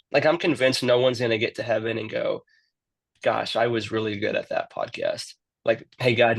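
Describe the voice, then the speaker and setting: A man's voice: mid-range voice, vocal fry, a bit bright, no room sound. A man who works in youth ministry, telling his story in a casual interview and often repeating words as he starts a sentence.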